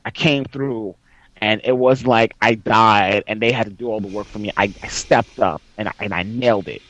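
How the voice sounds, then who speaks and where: A man hosting a casual gaming podcast, telling a story excitedly and bursting into loud reenactments. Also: on the low side, normal speed. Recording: dry, slightly dull sound.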